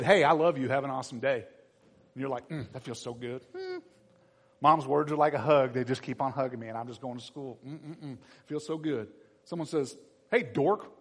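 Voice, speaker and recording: A man preaching a sermon to his church, animated and acting out the voices of everyday people. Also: on the high side, slightly rough. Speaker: pastor. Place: church sanctuary. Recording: long reverb in a church hall.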